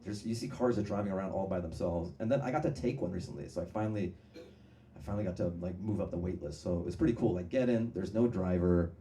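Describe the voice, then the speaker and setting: A man's voice: low-pitched, quick pace, warm tone, roomy sound. A man doing a stand-up comedy set on a club stage, rambling through tangents and laughing at his own jokes. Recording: distant mic, noisy live room.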